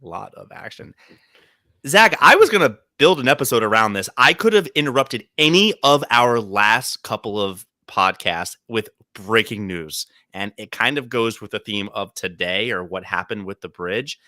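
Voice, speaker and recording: A man co-hosting a podcast, telling animated stories in casual chat and slipping into quoted voices. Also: on the low side, moderate pace, hardly any pauses, no room sound, clean studio sound. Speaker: podcast co-host. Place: podcast studio.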